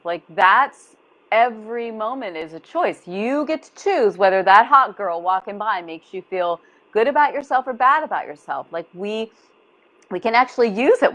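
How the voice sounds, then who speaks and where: A woman body-image coach speaking as a guest in a casual interview over a video call, expressive and compassionate, acting out gentle inner voices. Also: medium pitch, normal speed.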